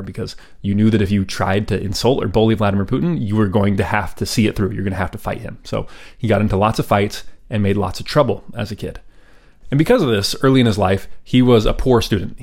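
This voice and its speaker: Man, lowish voice, podcast host, casual storytelling, chatty asides, relaxed ums. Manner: conversational, with frequent ums and asides.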